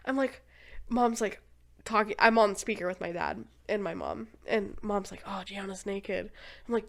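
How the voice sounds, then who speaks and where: A woman's voice: medium pitch, moderate pace. A young woman hosting a podcast, telling a story in casual chat, laughing often. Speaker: podcast host.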